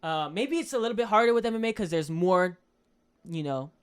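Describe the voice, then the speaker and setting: A young man co-hosting a casual podcast chat, lively and loose, with plenty of swearing. He breaks into loud, theatrical impressions of coaches' speeches and then drops back to his plain talking voice. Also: high-pitched, a little fast, clean tone. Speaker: podcast co-host.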